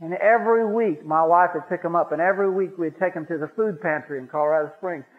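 A man's voice: a little high, fast. A man giving a personal Christian testimony, telling his story in a folksy, repetitive way that builds in fervor. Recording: tinny, phone-like radio broadcast.

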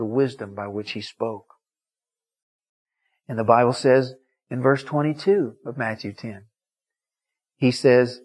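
A man's voice: mid-range voice, a little mellow, slightly rough. A male preacher giving a sermon in an emphatic storytelling manner, acting out the quotes in his story.

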